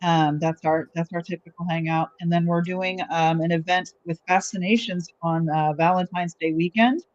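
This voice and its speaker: A woman on a podcast talking hesitantly about the crafts she sells, with many pauses and fillers. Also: fairly low pitch, fairly even intonation. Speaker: podcast guest and craft vendor. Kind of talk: casual podcast chat. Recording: dry, dull lo-fi sound.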